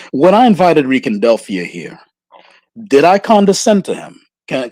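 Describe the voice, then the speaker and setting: A man's voice: medium pitch, dry recording. A man in his thirties hosting a casual livestream, rambling and repeating himself while he talks to listeners. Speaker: livestream host.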